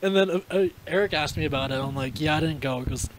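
A man's voice: a little high, quick pace, a little hiss or hum. A man in his twenties, a podcast co-host, telling a casual story with lots of laughter and acted-out dialogue. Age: 20s. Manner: animated, laughs often, acts out both sides of the dialogue.

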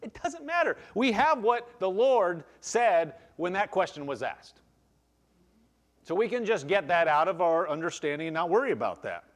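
Male pastor, high and animated, conversational sermon with scripture reading. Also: normal speed. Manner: explains verses aloud, frequent restarts. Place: church.

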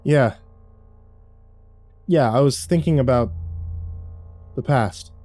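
A man voicing a battle-worn younger man who talks tersely, flat and guarded. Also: medium pitch, slow pace, dry recording. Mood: weary.

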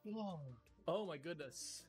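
A let's play host chatting casually and self-mockingly over gameplay, excitable and laughing often. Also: mid-range voice, takes it slowly, faint music behind.

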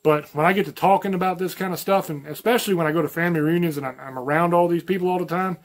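Southern male host, light drawl, blunt and folksy, a touch higher-pitched, plainspoken monologue. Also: fairly even intonation, rapid-fire. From American South, mountains. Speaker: channel host. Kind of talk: opinion monologue to camera.

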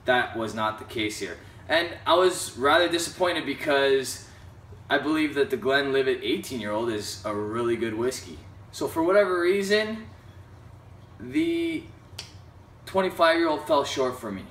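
A young adult man talks through a whisky review in a relaxed, frank way, pausing on ums. His voice sits at an ordinary middle pitch and comes from a little back from the mic. The room is echoey, with faint ambience behind him. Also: slight background noise. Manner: frank, hesitant with many ums, apologetic asides. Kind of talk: casual review vlog. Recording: roomy, slightly distant mic with faint ambience.

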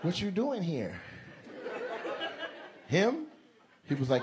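A male stand-up comedian doing live crowd work, teasing audience members with quick questions and laughing asides. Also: a little high, huge pitch swings. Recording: live show with loud crowd and noise.

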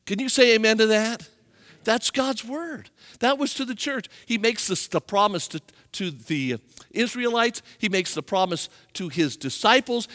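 Man, pastor, high voice, animated sermon, long church reverb. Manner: animated preaching, rising and falling intensity. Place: church sanctuary.

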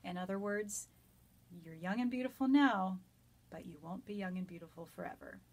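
A woman teaching a Shakespeare sonnet from home, reading verse lines slowly and then explaining them in an enthusiastic, nerdy, chatty way. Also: medium pitch, darkish tone. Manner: enthusiastic, self-described nerdy. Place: home during quarantine.

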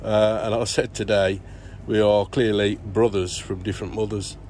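A middle-aged man chatting casually in a vlog, rambling through shout-outs with lots of fillers and restarts. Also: fairly low pitch, level tone, normal speed, a little hiss or hum. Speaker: plant grower vlogger. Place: indoor grow tent.

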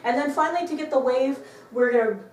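A woman dog trainer explaining a trick to viewers, breaking off to praise the dog with a bright, loud voice. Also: high voice, fast, a little hiss or hum. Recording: roomy, from some distance, faint clicks.

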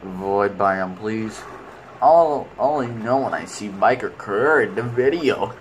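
A man with a slightly low voice rambles through unhurried gameplay commentary. He talks slowly and casually, and often chats fondly to the game's creatures as if they could hear him. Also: lively intonation, slight background noise, rough recording. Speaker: video game player.

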